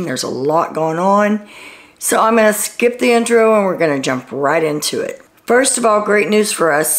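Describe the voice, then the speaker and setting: A woman from Texas with a Texan accent, hosting a casual reality TV recap show and giving blunt, opinionated commentary. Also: on the low side. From Texas, USA.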